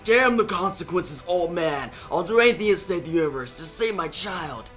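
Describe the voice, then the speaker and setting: A man's voice: on the high side, normal speed, music in the background, natural voice. A man doing a proud, defiant ancient champion. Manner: forceful, defiant.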